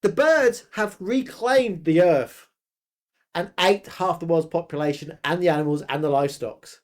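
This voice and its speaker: A man with a northern English accent, co-hosting a casual chat with animated, jokey banter. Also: a little high, normal speed. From England. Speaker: co-host.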